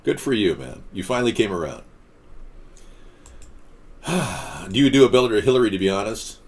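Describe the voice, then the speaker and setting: A man's voice: on the low side, expressive, moderate pace. A man hosting a casual political chat show, rambling and sarcastic as he reads viewer comments. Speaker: host.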